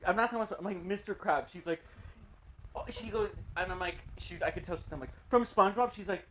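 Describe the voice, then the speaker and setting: A man's voice: high voice, fast, fairly bright tone, a little hiss or hum. A man co-hosting a podcast, telling a rambling story in casual chat, laughing often and acting out quotes. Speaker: podcast co-host.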